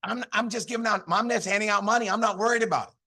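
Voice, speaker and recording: A man speaks with a high, bright voice in a pumped-up motivational training talk. He repeats his points and throws questions at his listeners before he answers them himself. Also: racing. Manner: fired-up, repetitive, call-and-response. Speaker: network marketing leader.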